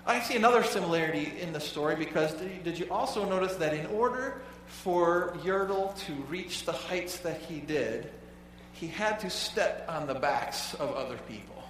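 A male pastor preaching a sermon to his congregation in a casual, halting way, often repeating words as he goes. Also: on the high side, lively intonation, a bit bright. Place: church sanctuary. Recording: echoey hall, voice from far off.

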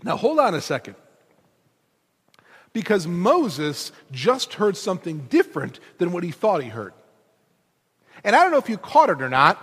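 A man's voice: high-pitched, sing-song, measured pace, fairly bright tone, breathy edge. A male preacher giving an emphatic, conversational sermon and addressing the congregation directly, recorded in a large hall. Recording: long hall reverb.

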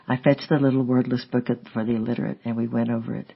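A man steadily reading a memoir aloud in a measured, unhurried way, on a slightly dull lo-fi recording. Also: medium pitch, flat delivery, vocal fry, breathy edge. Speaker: audiobook reader. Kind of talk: memoir narration read aloud.

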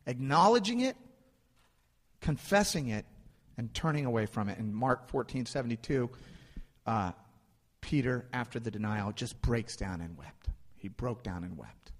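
A man delivers a sermon in a relaxed, conversational manner, stacking repeated phrases to drive each point home. His voice sits at an ordinary pitch for a man, and it rings out with a long reverb tail, as in a church sanctuary. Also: normal speed. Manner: conversational, builds emphasis through repetition. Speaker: pastor.

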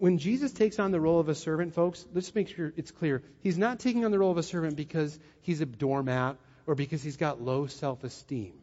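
Pastor telling a story, reverberant hall. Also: male voice, on the high side. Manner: storytelling, animated asides. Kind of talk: sermon with personal story. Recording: muffled, long hall reverb.

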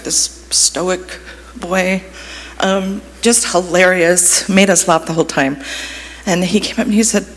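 A woman youth ministry leader giving an emotional personal testimony in church, gushing and full of fillers. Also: a little high. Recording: long hall reverb, faint room noise.

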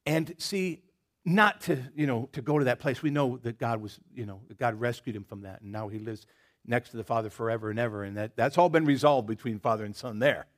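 A man with a Southern American accent preaching a sermon in a conversational way, moving between loud emphatic lines and hushed ones. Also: medium pitch, fairly quick. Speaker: pastor.

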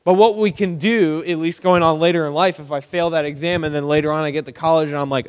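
A young man giving a casual, conversational sermon as a preacher, animated and acting out everyday reactions. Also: on the high side, fast talker, few pauses, clear, resonant tone. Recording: long hall reverb.

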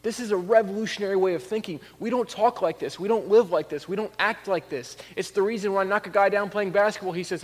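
Male preacher, fairly high voice, conversational sermon with emphatic peaks, long hall reverb. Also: fast, hardly any pauses. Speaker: pastor.

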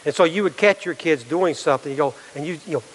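A man's voice: on the high side, fast talker, a little hiss or hum. A middle-aged male pastor preaching a sermon, earnest, full of rhetorical questions and restarts. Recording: long hall reverb.

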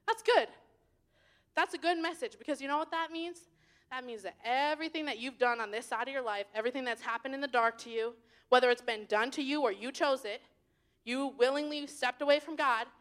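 Bright-voiced young woman preaching. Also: high-pitched. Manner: bubbly, chatty, jumps between loud and hushed asides. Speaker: youth leader. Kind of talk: youth sermon.

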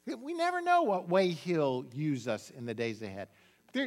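A pastor preaching a sermon, telling a story with joking asides. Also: male voice, on the high side. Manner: animated storytelling with asides and jokes.

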